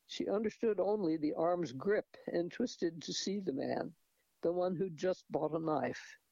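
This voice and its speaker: A man's voice: sits high, measured pace, creaky, mellow, no echo. A man reading a novel aloud in a hesitant manner, with restarts and asides. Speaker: reader. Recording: dull lo-fi recording.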